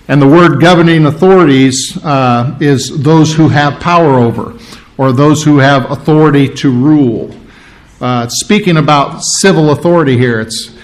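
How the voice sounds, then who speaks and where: A pastor teaching an expository sermon, explaining the meaning of each word and asking rhetorical questions, with fillers and throat clearing. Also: male voice, a little high.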